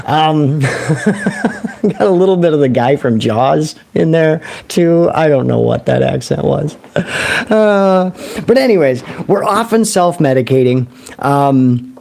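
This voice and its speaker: Slow and gravelly, with a slightly high voice, this man hosts a recovery livestream in easygoing talk. He's animated, laughs frequently, and answers his own questions.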